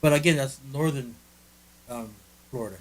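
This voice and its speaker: A man's voice: medium pitch, normal speed, rough recording. A man co-hosting a casual podcast from a friend's living room, rambling and joking with lots of restarts. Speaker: podcast co-host. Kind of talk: casual chat.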